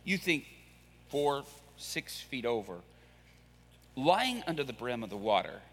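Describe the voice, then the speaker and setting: A man's voice: medium pitch, a little slow, long reverb tail, voice pushed down, full character voice. A man doing exasperated fisherman Peter. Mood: sarcastic. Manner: exasperated, sarcastic, animated.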